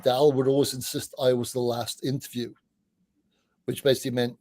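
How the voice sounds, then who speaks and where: A middle-aged man, a podcast guest, telling anecdotes in a chatty way, often restarting his sentences and dropping in quick asides. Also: medium pitch, flat delivery, a little mellow, no room sound. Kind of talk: casual anecdotal storytelling.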